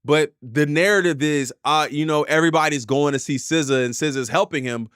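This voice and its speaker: A man hosting a reaction stream, chatting casually and cutting in with quick asides. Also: a little high, clean tone, dry recording, studio quality. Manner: lively, talks over clips with quick asides. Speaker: host reacting to clips. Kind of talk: casual chat.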